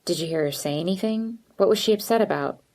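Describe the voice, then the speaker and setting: A woman's voice: on the low side, fast, darkish tone, close to an everyday voice. A woman voicing a blunt, tough teenage girl who talks in a sarcastic, direct way.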